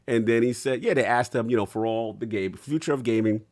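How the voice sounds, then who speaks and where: A man's voice: medium pitch, fairly quick, a little mellow. A man in casual podcast discussion who laughs often and reads quotes aloud. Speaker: podcast co-host.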